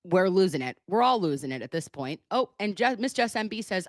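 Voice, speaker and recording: A woman's voice: medium pitch, sing-song, a little fast, no echo, clean studio sound. A woman hosting a casual live stream on a webcam, chatty and joking as she reads viewer messages aloud. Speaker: livestream commentator.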